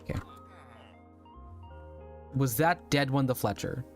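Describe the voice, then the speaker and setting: A man's voice: medium pitch, slow pace, soft background music. A young adult man chatting casually to his viewers during a live game stream, rambling and laughing often, his voice a little strained. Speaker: VTuber streamer.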